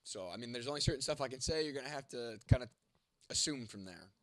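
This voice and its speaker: A man's voice: mid-range voice, animated, fast talker, a bit bright, a little hiss or hum. A young man hosting a livestream and answering chat in casual, profane talk; he is congested and his voice is going from a cold. He is blunt and teasing, swearing constantly.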